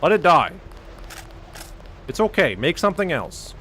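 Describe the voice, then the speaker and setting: A man's voice: fairly high pitch, big pitch swings, a little slow, fairly bright tone, slight background noise. A man streaming a game, ranting casually and profanely, filling his talk with "like". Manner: profane, ranting, heavy use of "like". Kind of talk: casual gaming stream rant.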